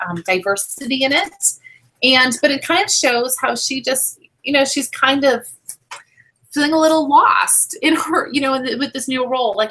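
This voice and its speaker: A woman in her thirties chatting casually over a video call as she presents new children's books, with lots of fillers and quick apologies. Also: a little high, bright, forceful tone, low-quality recording. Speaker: book seller presenting new titles. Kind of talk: casual book showcase.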